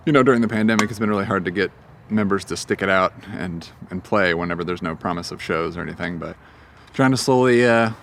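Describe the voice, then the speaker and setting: A young musician chats in a casual outdoor interview on a park greenway, his voice sitting fairly low. He rambles easily, loose and unhurried, filling gaps with ums and uhs. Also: fairly bright tone, slight background noise. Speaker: singer-songwriter guest.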